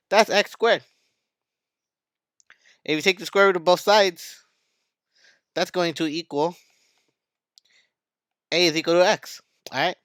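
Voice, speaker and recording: A man's voice: a little high, a bit bright, smooth, dry recording. A man teaching math in a video lesson, hyped and playful, talking straight to his students.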